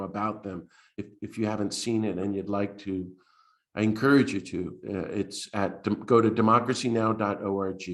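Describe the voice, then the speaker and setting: A man with an American accent, a priest giving a spoken talk in an earnest storytelling way with frequent restarts. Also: on the low side. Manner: earnest storytelling with restarts and lively quoted voices.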